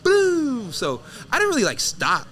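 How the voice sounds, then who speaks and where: A man sits in as an interview guest and tells stories in a loose, profane, animated way. His voice sits a little high and has a bright, forward edge. He talks at a quick clip. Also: a little hiss or hum. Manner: animated, profane, loose storyteller who acts out scenes. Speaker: guest fighter. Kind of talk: casual storytelling interview.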